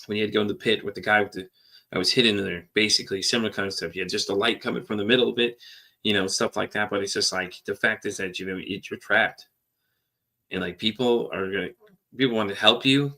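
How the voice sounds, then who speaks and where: A man's voice: lowish voice, steady tone, fast talker, sharp tone. A man hosting a podcast, talking candidly and at length in a rambling, repetitive way with casual swearing. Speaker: podcast host. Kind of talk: candid personal monologue.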